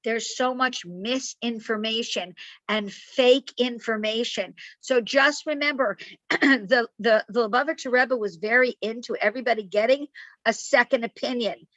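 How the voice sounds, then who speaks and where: A woman's voice: fairly high pitch, a little slow, fairly bright tone, no echo, lo-fi sound. A woman herbalist giving an informative online talk and answering questions. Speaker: herbalist speaker. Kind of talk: online lecture and Q&A.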